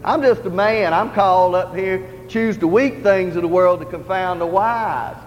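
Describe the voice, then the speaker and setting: A man's voice: high voice, normal speed, a little hiss or hum. A man preaching in a church in an earnest, conversational style, repeating his points. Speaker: lay preacher. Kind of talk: sermon. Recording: dull, roomy hall recording with faint ambience.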